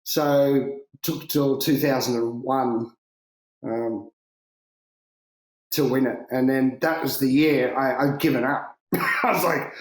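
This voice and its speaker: A man, a big-wave surfer, telling stories in a casual interview, lively and swearing freely, laughing and acting out what people said. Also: mid-range voice, slow, long pauses. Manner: animated, swearing, laughing, acts out quotes. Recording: roomy echo.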